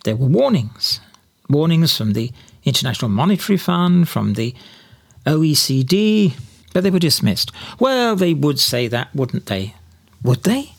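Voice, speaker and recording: A man's voice: on the high side, sing-song, a little slow, gravelly, slightly rough. A man from Britain giving spoken political commentary, sardonic in tone, mocking opponents through quoted voices, with some slips and repeated words.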